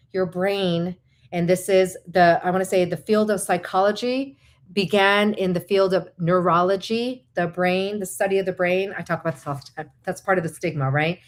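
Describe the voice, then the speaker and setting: A woman who is a licensed counselor, hosting a live talk in a chatty, animated way and explaining with asides. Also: fairly low pitch.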